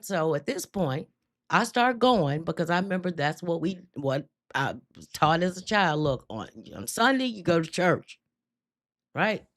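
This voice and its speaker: Lively woman telling a testimony. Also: low voice. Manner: animated storytelling with dialect. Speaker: host. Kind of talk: live-stream testimony.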